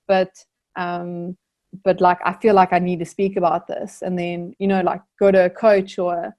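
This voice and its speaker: A woman's voice: mid-range voice, darkish tone. A young woman from South Africa, an Olympic rower, answering interview questions in an earnest, reflective way with many fillers.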